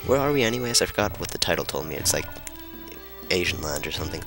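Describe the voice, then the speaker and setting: A man giving casual let's play commentary from a room at home, joking, swearing freely and talking somewhat hushed. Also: sits low, big pitch swings, fast, music in the background. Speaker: gamer.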